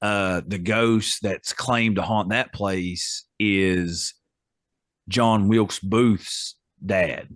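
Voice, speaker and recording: Low-voiced man co-hosting a podcast. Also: steady tone, very slow, no room sound, clean studio sound. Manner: reads facts aloud, chatty and amused. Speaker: podcast co-host. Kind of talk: casual chat.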